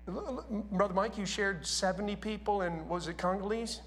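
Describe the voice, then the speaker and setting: A man's voice: high voice, moderate pace, hardly any pauses, fairly bright tone, a little hiss or hum. Conversational male preacher. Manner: conversational preaching, asks the congregation questions. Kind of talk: sermon. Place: church.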